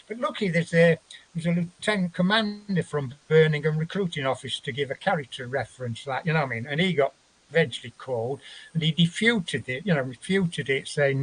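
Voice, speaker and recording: Husky man telling a story. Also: on the high side, moderate pace. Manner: rambling, profane, acts out quotes. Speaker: guest. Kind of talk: animated storytelling in a chat show.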